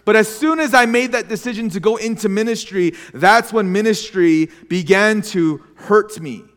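Young man, pastor, earnest confessional sermon, high voice, long hall reverb. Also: normal speed, fairly bright tone. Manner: earnest, confessional storytelling with frequent restarts.

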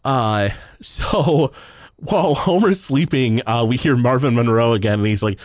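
A man's voice: mid-range voice, unhurried, no room sound, studio quality. A man co-hosting a podcast in casual chat, retelling scenes loosely with many fillers and laughs. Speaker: podcast co-host recapping an episode.

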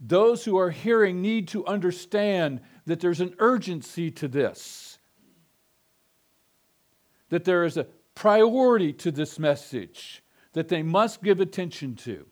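A man's voice: sits high, expressive, a little slow. A middle-aged male pastor preaching an expository sermon, emphatic and given to repeating phrases with building intensity.

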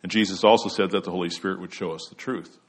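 A man's voice: sits low, fairly even intonation, fast talker, husky. A man preaching an expository sermon, earnest and emphatic, letting his voice drop at the end of each point.

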